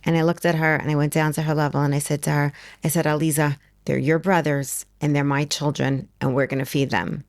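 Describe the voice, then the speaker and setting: Middle-aged woman guest, lower voice, lively storyteller, dry close sound. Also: a little fast, few pauses, no room sound. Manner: animated, acts out quotes. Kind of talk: casual storytelling.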